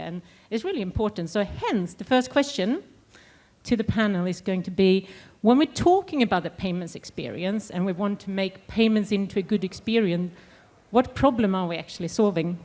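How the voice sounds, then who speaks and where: A woman's voice: medium pitch, expressive, normal speed, a little mellow. Upbeat woman moderating a panel. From Sweden. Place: conference stage with audience.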